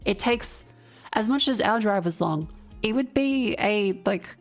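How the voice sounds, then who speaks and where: A woman's voice: mid-range voice, animated, unhurried, faint music behind. A young Australian woman chatting casually on a stream, telling a rambling, sweary road-trip story and reading out chat.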